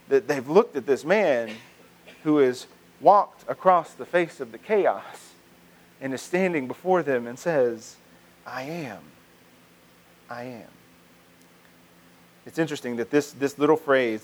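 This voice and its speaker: A man preaching a sermon in a conversational way, often restarting phrases and building to emphatic points. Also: mid-range voice. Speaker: pastor.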